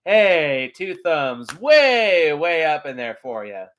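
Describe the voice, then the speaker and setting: A man casually reviewing his favorite animated films, chatty and enthusiastic, with frequent ums. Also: a little high, slow. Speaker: film reviewer. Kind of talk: casual video commentary.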